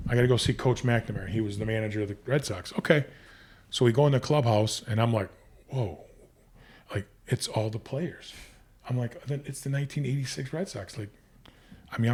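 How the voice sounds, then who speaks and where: A man's voice: mid-range voice, darkish tone. Rambling middle-aged man telling stories. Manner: rambling, with many restarts and fillers. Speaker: podcast guest. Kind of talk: casual storytelling.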